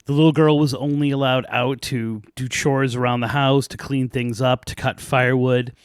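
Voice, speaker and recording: A man hosting a podcast, casually retelling a folk tale with lively asides and light laughs. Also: medium pitch, normal speed, clean tone, dry recording, clean studio sound. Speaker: podcast host.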